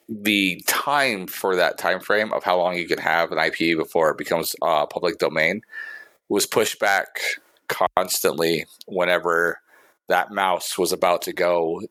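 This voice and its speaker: A man with a very deep voice, co-hosting a podcast in a rambling, hesitant way, thick with pauses and fillers. The sound is close and dry. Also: bright, forceful tone, no echo. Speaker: podcast co-host. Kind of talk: casual chat.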